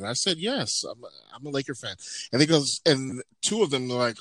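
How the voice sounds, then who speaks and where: Forty-year-old man rambling in a bright voice. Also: mid-range voice, animated, fairly quick, no echo. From Southern California. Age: 40s. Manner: rambling storyteller, many fillers and restarts. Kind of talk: casual chat.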